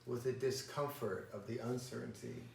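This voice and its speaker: A man speaking in a casual interview, reflective and given to storytelling. His voice sits at an ordinary pitch for a man. He is recorded from a distance in a roomy space with a faint hiss behind him. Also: steady tone, normal speed, vocal fry, darkish tone. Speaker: married guest. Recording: roomy echo, distant mic, faint noise.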